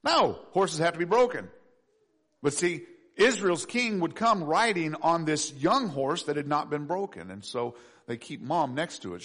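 A male pastor preaching a sermon to his congregation, swinging between soft low asides and loud rising pleas.

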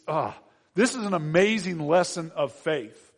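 A man's voice: a little high, expressive, measured pace. A man preaching a sermon as pastor, conversational and joking, with frequent fillers and restarts.

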